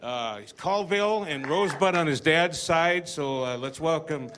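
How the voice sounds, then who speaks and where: A man introducing the next performer on stage, announcing in a halting way. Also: on the high side. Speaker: emcee. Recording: loud crowd and room noise.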